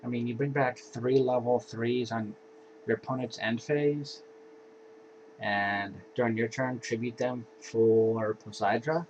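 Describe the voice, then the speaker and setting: Slow, laid-back man with a dull lo-fi sound. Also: mid-range voice, steady tone, darkish tone. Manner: laid-back, offhand, sighing and yawning. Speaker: card game deck reviewer. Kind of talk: casual deck walkthrough. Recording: dull lo-fi home recording with faint hiss.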